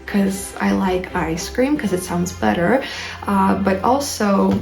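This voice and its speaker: Young woman with a gravelly fry, rambling candidly. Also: medium pitch, slow pace, a little mellow. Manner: emotional, rambling, heavy use of "like". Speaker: English teacher. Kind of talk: candid personal storytelling. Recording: roomy echo with faint music behind.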